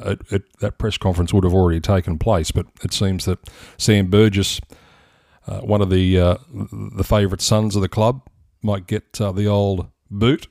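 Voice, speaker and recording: A man's voice: low voice, little pitch movement, moderate pace, vocal fry, mellow, dry recording, studio quality. A man with an Australian accent hosting a casual sports podcast, wry and laughing as he steers the chat. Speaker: podcast host.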